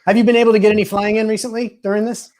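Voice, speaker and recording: A man with a fairly high voice hosts a casual live stream over a video call. He jokes with his guests and laughs often. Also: flat delivery, racing, a little mellow. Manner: friendly, joking, laughs often. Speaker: livestream host.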